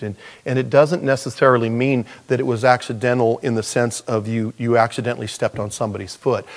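A man preaching a sermon in a conversational, rambling way, full of restarts and asides. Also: medium pitch. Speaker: pastor.

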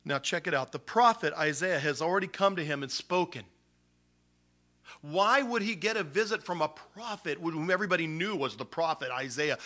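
A man preaching a sermon with a bright, forward voice. He keeps it animated and uses casual slang as he teaches. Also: a little high, moderate pace. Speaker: pastor.

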